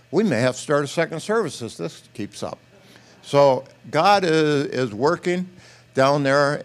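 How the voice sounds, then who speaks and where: An older man shares a testimony from the pulpit in a folksy, animated way. He acts out the people in his story as he goes. His voice sits at an ordinary middle pitch. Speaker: pastor or missionary speaker. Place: church platform.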